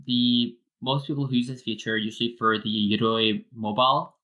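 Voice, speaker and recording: A man's voice: medium pitch, steady tone, fairly quick, pushed and bright, highs cut off. A man, a wallet developer, giving a casual technical explanation step by step with many fillers.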